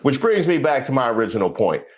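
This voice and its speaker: A man's voice: mid-range voice, quick pace. A man hosting a comedic news commentary show, casual and slangy, riffing and joking. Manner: animated, joking, breaks into song and laughter.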